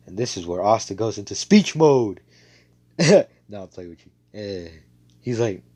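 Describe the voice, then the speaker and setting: This man's voice sits on the low side and sounds mellow, moving at a moderate pace. He's on a voice call through a computer mic, loosely rambling through a made-up fan story, cursing, stumbling over fillers and correcting himself as he goes.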